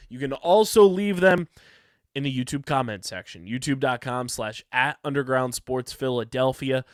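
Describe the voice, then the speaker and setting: A man's voice: medium pitch, smooth, dry recording. Male host, tired late-night energy, enthusiastic reviewer, dry close sound. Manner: energetic, enthusiastic, fast ad reads. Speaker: podcast host. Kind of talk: podcast review and ad reads.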